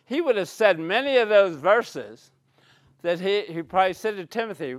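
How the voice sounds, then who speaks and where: Emphatic preacher man, fairly high voice. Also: animated, normal speed, dry recording. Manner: emphatic, rises on key words, reads scripture aloud. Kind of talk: bible study sermon.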